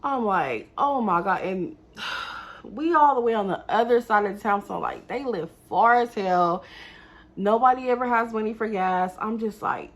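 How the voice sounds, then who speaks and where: A young woman telling a casual storytime straight to camera. She keeps turning to her viewers to vent her exasperation. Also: medium pitch. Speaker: vlogger.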